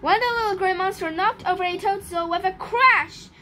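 A woman reading a children's picture book aloud in an expressive, careful storytelling manner. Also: very high-pitched, fast, slight background noise. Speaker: storybook reader.

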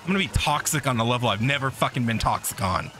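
A man's voice: animated, fast talker, bright, forceful tone. A man livestreaming a game, talking to his viewers in a mid-range voice. He swears constantly and rants at what happens on screen. Faint game music plays behind him. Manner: foul-mouthed, ranting at the game, voice cracking high when frustrated. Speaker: streamer. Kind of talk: live gameplay commentary.

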